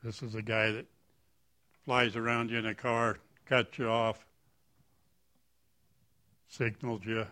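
A man's voice: medium pitch, little pitch movement, takes it slowly, long pauses, sharp tone. A man, not a preacher, giving an informal church talk in a rambling, folksy, self-deprecating way. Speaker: lay speaker at church.

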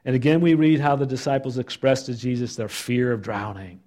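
A man teaches a Bible study in an ordinary mid-range voice. He reads scripture expressively and pauses to reflect on it. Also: medium pitch, steady tone, mellow.

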